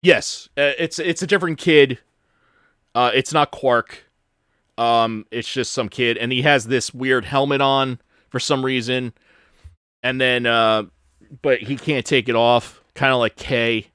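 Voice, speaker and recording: A man's voice: medium pitch, steady tone, unhurried, a bit bright, clean tone, no room sound, studio quality. A man hosting a podcast, rambling through a casual retelling full of fillers, restarts and offhand swearing. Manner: casual and profane. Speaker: podcast host. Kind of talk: casual chat.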